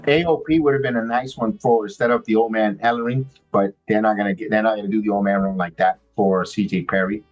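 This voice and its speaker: A man's voice: on the low side, fairly even intonation, lo-fi sound, faint music behind. Rambling man hosting a wrestling watch-along. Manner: rambling, halting, many restarts. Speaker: podcast host. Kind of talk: casual live watch-along chat.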